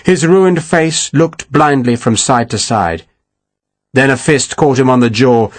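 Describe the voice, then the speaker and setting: A man narrating a novel as an audiobook in an expressive storytelling manner. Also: medium pitch, no echo. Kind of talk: scripted narration.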